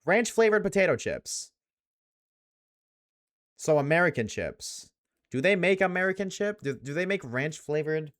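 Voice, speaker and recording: A young man chats loosely with his viewers during a live stream. His voice sits a bit high for a man, and he talks in slang, swearing freely as he goes. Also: sing-song, measured pace, pauses often. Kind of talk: casual live-stream chat.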